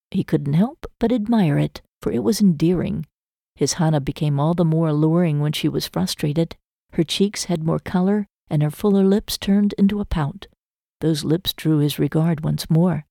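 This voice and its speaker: A woman narrating a romance novel in a measured, even storytelling manner. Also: deep voice, creaky, no room sound, studio quality. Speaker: audiobook narrator. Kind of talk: scripted narration.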